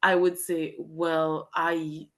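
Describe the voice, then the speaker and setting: A woman's voice: sits low, little pitch movement, very slow, a bit bright. A woman from Jamaica, an English teacher in Japan, chatting as an interview guest and acting out the exchanges she describes. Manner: storytelling, acts out quoted exchanges. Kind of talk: casual interview chat.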